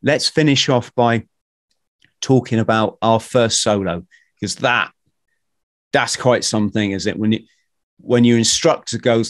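Podcast host, man, mid pitch, ranting and animated, dry close-miked voice. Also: a little slow, long pauses, no room sound. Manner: animated, ranting, swears casually. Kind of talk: casual conversational podcast.

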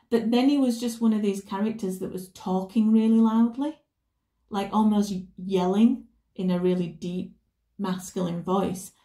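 A woman talks through a tarot reading in a loose, rambling way, stopping and restarting her sentences. Her voice is mellow and warm rather than bright. The room gives her voice a noticeable echo. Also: mid-range voice. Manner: rambling, self-correcting storytelling. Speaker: tarot reader. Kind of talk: casual tarot reading chat. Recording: roomy echo.

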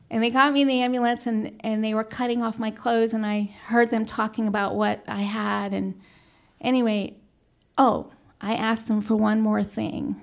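Middle-aged woman, fairly high voice, earnest live storyteller on stage, halting delivery with bursts of shouting. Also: fairly even intonation. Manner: earnest, halting, with restarts and sudden loud yelled lines. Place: small stage venue before an audience.

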